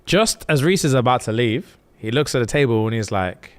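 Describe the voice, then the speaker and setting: Young guy on a podcast, super lively voice, hyped storyteller. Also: mid-range voice, a little fast. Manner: animated storyteller, jumps into loud acted quotes. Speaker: podcast co-host. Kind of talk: casual chat, retelling a book with acted voices.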